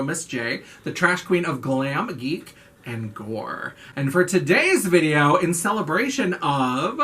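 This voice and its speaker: A woman's voice: low-pitched, fairly bright tone. A young woman hosting a horror movie video channel, chatting playfully with sarcastic, theatrical asides. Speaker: horror vlogger. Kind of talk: casual video chat.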